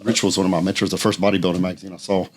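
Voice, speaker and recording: A man's voice: low voice, level tone, slight background noise. A man, a podcast guest telling blunt, profane stories in casual chat. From Texas. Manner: blunt, profane, fast anecdotes. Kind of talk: casual storytelling.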